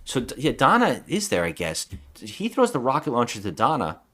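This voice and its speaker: A man's voice: mid-range voice, wildly swooping pitch, moderate pace, bright, forceful tone. A man co-hosting a podcast, casually recapping a movie plot in a rambling way, acting out quotes and swearing. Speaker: podcast co-host.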